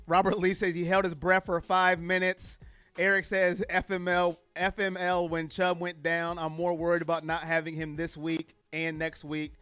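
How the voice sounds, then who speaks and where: A man from California runs a fan livestream, his high, bright voice spilling with emotion as he reads out viewers' comments and greets them. He talks casually and laughs easily. The sound is dry and close, with faint music underneath. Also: monotone, moderate pace, clear, resonant tone, no room sound. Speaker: sports fan livestream host. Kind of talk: casual livestream talk reading chat comments.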